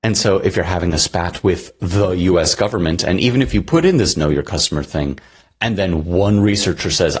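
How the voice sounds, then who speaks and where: Speaking a little fast in a deep, slightly rough voice, this man co-hosts a podcast, keeping the conversation casual and rambling with lots of fillers.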